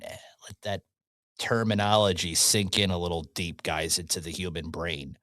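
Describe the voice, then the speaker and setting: A man's voice: fairly low pitch, moderate pace, fairly bright tone, dry recording, clean studio sound. A man hosting an opinion podcast, ranting heatedly with lots of swearing and slogans repeated over and over. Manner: profane, fired-up and repetitive; hammers on short slogans. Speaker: podcast host.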